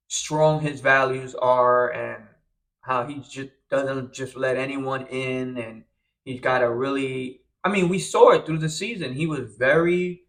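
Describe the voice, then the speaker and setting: A young man casually recapping a reality show episode, chatty and tired, sometimes acting out quotes. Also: mid-range voice. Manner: chatty, animated, acts out quotes.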